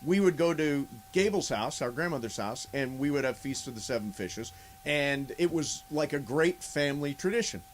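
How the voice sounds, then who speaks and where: A man's voice: a little high, moderate pace, a little hiss or hum. A man hosting a radio talk show, chatting and joking with guests. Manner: animated, joking. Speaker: radio host. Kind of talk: casual on-air chat.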